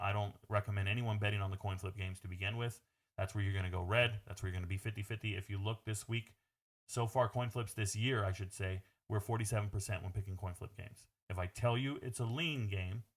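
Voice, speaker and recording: A man talking through his sports betting picks in a casual, brash monologue, blunt and swearing freely as he addresses viewers as "bro.". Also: fairly low pitch.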